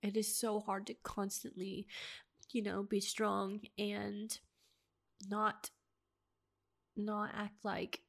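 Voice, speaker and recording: This is a young woman, speaking alone at home into a personal podcast. She talks in a halting, emotional way, starting over mid-sentence and sighing between thoughts. Her pitch sits in an ordinary middle range for a woman. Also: monotone, gravelly. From United States. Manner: halting, emotional, many restarts and sighs. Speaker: podcast host.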